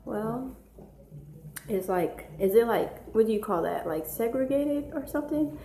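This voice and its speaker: In an echoey room with a little faint noise, a mother live-streams casually from home as her children are around. Her voice is slightly high yet dark, animated and at a measured pace, as she reads viewers' comments and rambles in slang, forever getting sidetracked.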